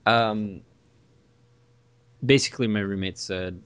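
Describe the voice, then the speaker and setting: A young man chatting casually, telling a rambling roommate story with lively asides. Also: low-pitched, a little slow. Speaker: guest storyteller. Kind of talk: casual chat.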